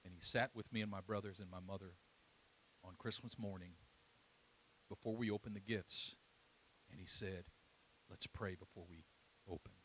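A middle-aged man preaching a sermon, swinging between loud, soaring passages and quiet, hushed storytelling. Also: lowish voice, steady tone, moderate pace, pauses often, slight background noise, poor audio.

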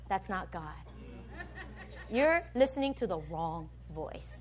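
A woman preaching a sermon, animated, swinging between loud bursts and soft, low stretches, and acting out the voices of other people as she teaches. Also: takes it slowly, pauses often. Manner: plays out voices of a nagging map and a complaining listener.

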